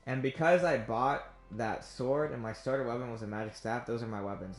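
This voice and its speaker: A young man narrating as game master of a casual tabletop game, loose and rambling, often clearing his throat and laughing. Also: medium pitch, brisk, few pauses, faint music behind.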